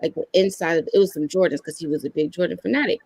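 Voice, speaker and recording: Candid woman with a gravelly edge. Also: lowish voice, racing, no room sound, poor audio. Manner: candid, animated storytelling that acts out quoted lines. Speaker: guest. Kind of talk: personal storytelling in a podcast interview.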